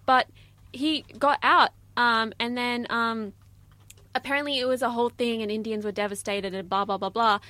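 A woman's voice: on the high side, steady tone, moderate pace, sharp tone, no echo. A young woman co-hosting a podcast, chatting casually and rambling through stories with quoted asides. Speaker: podcast co-host. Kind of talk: casual chat.

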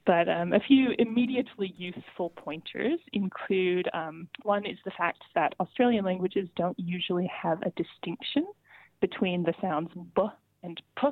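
A woman speaking in a somewhat low voice, explaining carefully as an interview guest. She is patient and methodical and builds her points through examples. Her voice comes through a tinny, dry phone line. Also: no echo. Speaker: linguist guest explaining pronunciation.

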